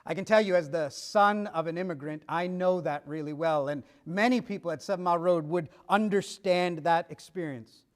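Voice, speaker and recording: A man's voice: fairly high pitch, moderate pace, hardly any pauses. A middle-aged man preaching, telling stories and acting out dialogue with shifts of pace and volume. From United States. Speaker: pastor. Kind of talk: sermon.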